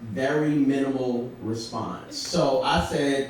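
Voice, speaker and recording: Brief: young man from Brooklyn, lively storyteller onstage, voice rides high and roams, caught from off mic. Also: unhurried, hardly any pauses, far from the mic, a little hiss or hum. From Brooklyn, New York. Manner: animated, laughs through his telling. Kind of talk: live comedic storytelling. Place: theater stage before a live audience. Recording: very echoey theater, from off mic.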